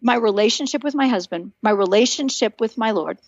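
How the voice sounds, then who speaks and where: A middle-aged woman, a guest on a podcast, telling stories in an animated, earnest and encouraging way. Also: on the high side, brisk, no echo, lo-fi sound. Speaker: podcast guest, author and speaker. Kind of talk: casual chat.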